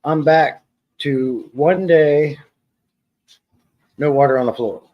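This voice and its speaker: A man's voice: a little high, slow pace, highs cut off. Rambling, jokey man hosting a live stream. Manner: rambling and jokey, answering chat and people at home. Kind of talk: casual live-stream chat. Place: home.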